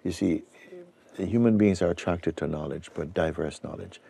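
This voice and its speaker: A man giving a spiritual talk to an audience, speaking slowly and reflectively with pauses and restarts. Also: sits low, vocal fry, mellow, breathy edge. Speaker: spiritual teacher.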